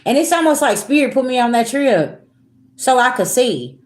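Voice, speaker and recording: A young woman, telling a story to her viewers in a blunt, animated, profane way. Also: high-pitched, moderate pace. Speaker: spiritual reader vlogger. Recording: roomy echo.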